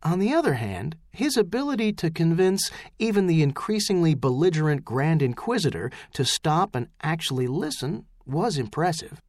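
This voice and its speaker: A man narrating an audiobook with measured, expressive storytelling. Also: a little high, no room sound, studio quality. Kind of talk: scripted narration.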